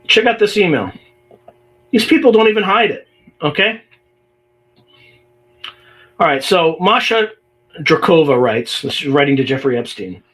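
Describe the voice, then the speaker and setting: Animated exasperated male podcast host. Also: fairly high pitch, a little slow, long pauses. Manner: animated, exasperated, reads emails aloud with sarcastic asides. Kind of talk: casual livestream commentary.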